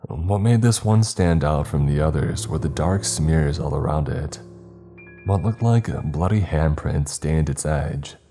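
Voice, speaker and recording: A man reading a scripted horror story aloud in a measured, somber way. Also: extremely low pitch, music in the background.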